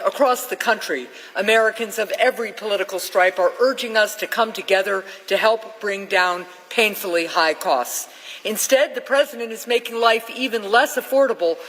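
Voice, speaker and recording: A woman senator giving a formal floor speech in a measured, urgent tone, recorded in a reverberant legislative chamber. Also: fairly high pitch, a bit bright.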